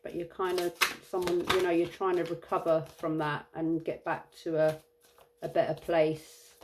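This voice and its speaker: A tired woman giving an intuitive tarot reading, musing and halting with many fillers. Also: fairly low pitch, flat delivery, darkish tone, slight background noise. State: tired, yawning. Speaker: tarot reader.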